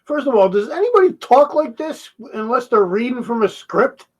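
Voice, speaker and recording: A man's voice: very high-pitched, big pitch swings, normal speed, rough recording. A man giving a heated, profane reaction commentary, mocking the video he is watching.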